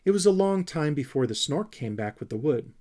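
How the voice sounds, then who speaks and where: A man narrating a children's storybook in a gentle, expressive way. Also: a little high, brisk. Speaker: audiobook reader.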